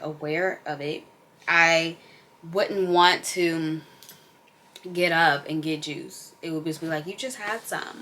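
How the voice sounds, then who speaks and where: Young mom vlogger, a woman with a low but bright, forceful voice; candid, emphatic, unscripted talk. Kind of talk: casual unscripted chat.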